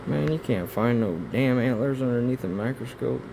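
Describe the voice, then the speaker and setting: A man rambling through pictures in casual commentary, swearing often and breaking into excitable outbursts between rambling asides. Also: medium pitch, moderate pace, gravelly, hardly any pauses, background noise. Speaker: video creator. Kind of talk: casual conspiracy commentary over images.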